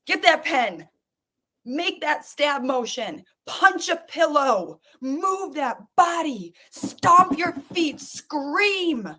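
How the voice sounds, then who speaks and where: High-voiced woman urging listeners on. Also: big pitch swings, drawn-out words, fairly bright tone. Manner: urgent, coaxing, repetitive commands. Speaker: podcast host guiding listeners. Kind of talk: guided emotional exercise.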